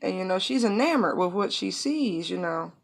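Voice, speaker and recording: A woman's voice: mid-range voice, expressive, moderate pace, gravelly, a little hiss or hum. A woman giving a casual tarot reading, rambling with many asides and fillers. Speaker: tarot reader.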